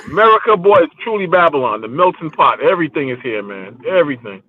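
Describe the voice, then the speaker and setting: A man's voice: fairly high pitch, fast talker, phone-quality sound, slight background noise. A man describing a busy city street while out walking, exclaiming and repeating himself. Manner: excited, exclaiming, repetitive. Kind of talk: casual chat, live street commentary.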